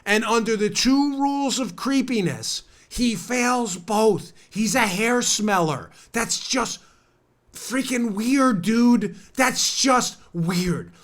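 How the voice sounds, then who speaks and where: A man's voice: very high voice, slow pace, a bit bright. A man hosting a political talk show, ranting sarcastically and a little stuffed up from a cold. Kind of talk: opinionated talk show monologue.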